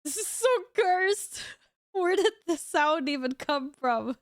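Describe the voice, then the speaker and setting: A woman's voice: high voice, animated, slow pace, dry recording, studio quality. A woman streamer chatting casually with her viewers while gaming at home, laughing often and reacting aloud.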